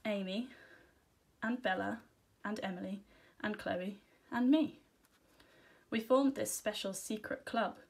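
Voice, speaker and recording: A woman's voice: mid-range voice, slow pace, husky. Woman reading a storybook aloud. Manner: gentle, expressive first-person narration.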